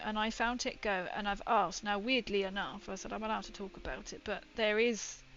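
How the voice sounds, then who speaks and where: A young woman paints miniatures on stream and tells a rambling story, full of fillers, in casual chat. Her mid-range voice is fairly bright, the recording is low quality, and faint music plays behind her.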